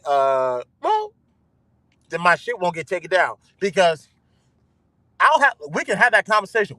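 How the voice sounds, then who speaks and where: A man hosting his own show, ranting loudly with swearing and repeating himself for emphasis. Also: high-pitched, no echo. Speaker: host. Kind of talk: ranting live commentary.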